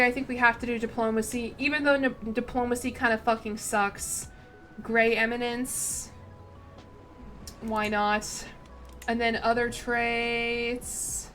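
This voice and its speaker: Young woman streamer rambling through a game, voice sits a bit high, self-mocking, quiet music under her. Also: little pitch movement, takes it slowly. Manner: chatty, self-deprecating, thinks aloud. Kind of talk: casual gameplay commentary.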